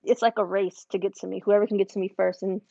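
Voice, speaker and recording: A woman's voice: mid-range voice, little pitch movement, fast, creaky, mellow, no echo, highs cut off. A middle-aged woman in a home craft studio, chatting casually with viewers on a live stream while she works on embroidery orders. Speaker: embroidery business owner hosting a live stream.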